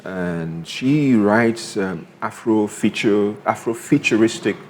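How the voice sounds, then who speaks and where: A man's voice: on the low side, slow, a little mellow, a little hiss or hum. A middle-aged man from Nigeria, a talk show guest, speaking hesitantly and repeating words while he thinks.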